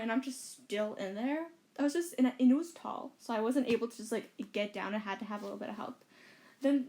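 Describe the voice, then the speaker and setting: A woman's voice: fairly high pitch, warm tone. A woman co-hosting a casual podcast from a bedroom, telling a rambling story full of fillers and quoted lines. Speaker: podcast co-host.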